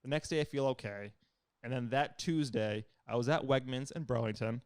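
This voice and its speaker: A man's voice: medium pitch, moderate pace, clean tone, no echo, clean studio sound. A young man co-hosting a podcast, telling a rambling, profane story in casual chat. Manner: storytelling, profane, animated retellings. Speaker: podcast co-host.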